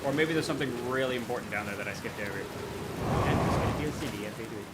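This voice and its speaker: A man's voice: mid-range voice, fast. A man casually commenting as he plays a game on stream, chatty and jokey. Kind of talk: casual let's-play commentary. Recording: loud background noise.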